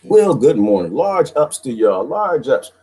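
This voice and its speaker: A man's voice: medium pitch, big pitch swings, a little slow, mellow, husky. A man from the Washington, D.C. area hosting a casual livestream, greeting viewers by name and switching voices playfully. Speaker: livestream host reading viewer comments.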